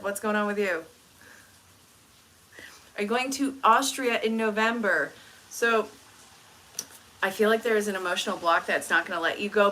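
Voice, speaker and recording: A woman reading tarot on a live stream, answering viewers' questions in a casual, chatty way with dry, deadpan humor. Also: mid-range voice, rough recording. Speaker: tarot reader and life coach.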